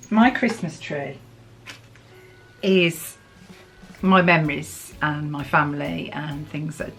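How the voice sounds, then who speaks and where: A middle-aged English woman from the UK, chatting warmly and emotionally as she opens a parcel for her vlog. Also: sits low. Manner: chatty, gushing, emotional, laughs often. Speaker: vlogger. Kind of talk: casual chat while opening a parcel.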